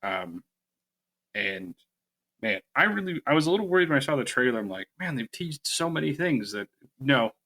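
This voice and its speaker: Bright-voiced enthusiastic male podcast co-host. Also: mid-range voice, sing-song, moderate pace. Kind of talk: casual chat.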